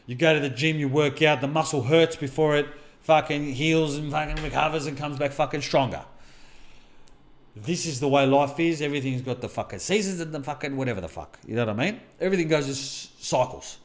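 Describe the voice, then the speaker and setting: A fairly high-pitched man speaks fairly quickly. He's middle-aged, a podcast co-host and mindset coach, recounting his own experiences in casual podcast talk that's blunt and thick with swearing.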